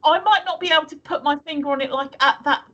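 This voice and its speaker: A woman's voice: high-pitched, quick pace, fairly bright tone, muffled recording. A woman from the UK co-hosting a live stream, chatting casually and rambling with many restarts. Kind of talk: casual chat reading viewer comments.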